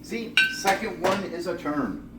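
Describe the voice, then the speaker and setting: This casual cooking demo features a male home cooking channel host speaking a little slowly in a voice that sits high. He chats easily with a friend at his side, explaining the recipe as he goes. Dishes, pots and pans clatter around him, and the noisy kitchen audio echoes because the mic is far away.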